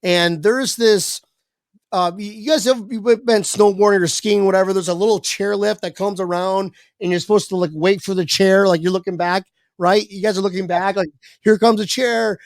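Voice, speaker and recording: A man with a gravelly, creaky voice tells a casual story on a podcast. He swears freely and jumps into other people's voices as he goes. The sound is close and dry, with no room echo. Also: high voice, normal speed. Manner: animated, swearing, acts out quoted voices. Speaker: podcast guest.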